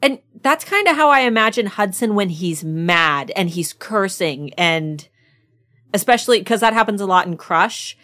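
An American woman chats on a relaxed book podcast in a mid-pitched voice. She teases her co-host good-naturedly and giggles often. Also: moderate pace. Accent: American English. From United States. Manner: teasing, giggly. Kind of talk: casual chat.

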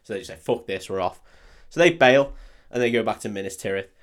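A man's voice: lowish voice, animated, fast talker. A man co-hosting a casual podcast, retelling a film with lots of swearing and jokes. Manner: sweary, jokey retelling with put-on character voices. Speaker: podcast co-host. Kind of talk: casual film recap chat.

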